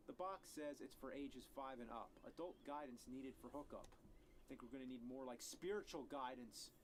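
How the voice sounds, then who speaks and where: A man giving a comedic rant review of a video game, sarcastic and profane, breaking into angry yells. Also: medium pitch, moderate pace, slight background noise.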